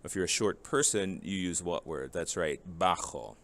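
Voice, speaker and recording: Very deep-voiced man teaching vocabulary. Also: moderate pace, fairly bright tone. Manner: reads English words, then Spanish, asks rhetorical questions. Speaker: Spanish teacher. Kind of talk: vocabulary lesson.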